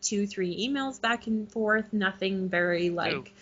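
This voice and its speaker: A middle-aged woman telling an excited story in a casual interview, laughing often. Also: mid-range voice, a little slow. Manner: animated, laughing, gushing. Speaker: guest. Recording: muffled lo-fi recording.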